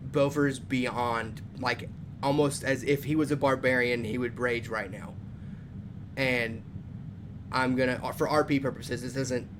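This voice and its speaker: A man's voice: medium pitch, fairly even intonation, measured pace. A man playing a tabletop game, describing his character and often hesitating as he searches for words. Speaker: player. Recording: noisy background.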